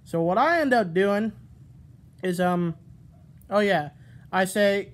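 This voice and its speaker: A man's voice: high voice, animated, slow, pauses often. A man ranting at his camera in a rambling, profane vlog, often stopping to restart and correct himself. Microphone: camera mic.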